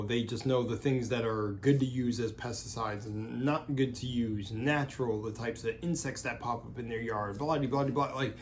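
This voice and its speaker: A young man talks through a meal in a loose, rambling way, stacking fillers and swearing now and then. His voice sits at an ordinary middle pitch. A faint background hum runs under the recording. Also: darkish tone. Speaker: vlogger. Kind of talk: casual rambling monologue while eating.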